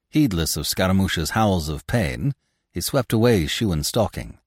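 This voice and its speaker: A male podcast storyteller reads a classic novel with a low voice that swoops widely in pitch. He is theatrical and expressive, recorded close and dry with no room sound. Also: normal speed, slightly rough, no room sound. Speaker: podcast narrator. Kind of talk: scripted narration of a classic novel.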